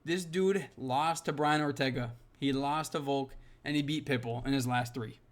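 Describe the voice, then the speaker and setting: A man's voice: medium pitch, normal speed. A young man ranting heatedly to camera, exasperated and emphatic, swearing constantly. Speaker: MMA commentary vlogger.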